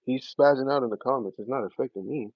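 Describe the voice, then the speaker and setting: A man's voice: medium pitch, fast, dry recording. A young man chatting casually with his live-stream viewers in a loose, slangy way, often laughing as he talks. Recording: dry, slightly dull lo-fi audio.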